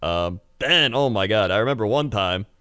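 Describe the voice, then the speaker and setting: A man's voice: fairly low pitch, animated, normal speed, pushed and bright, smooth, no room sound, studio quality. A man in his thirties co-hosting a podcast, telling rambling stories with lots of laughs and acted-out voices. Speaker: podcast co-host. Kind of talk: casual storytelling chat.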